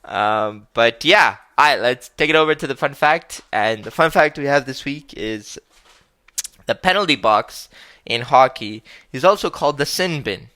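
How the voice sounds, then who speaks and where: Young male host, bright, lively storyteller, jokey and a bit crude. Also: mid-range voice, no room sound. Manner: animated, joking, swears casually. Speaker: podcast host. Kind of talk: casual storytelling.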